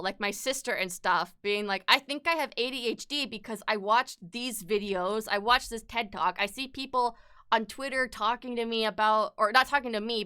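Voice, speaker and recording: Young woman streamer, frank casual chat, smooth and sharp voice. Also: a little high. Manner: candid and frank, swears freely; upset, close to tears at times.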